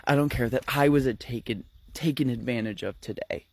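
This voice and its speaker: A man's voice: mid-range voice, brisk, dry recording, close to an everyday voice. A man voicing a cocky, panicky young woman on the run, talking frantically and slipping into whispers. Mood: scheming. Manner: frantic, breathy, slips into whispers.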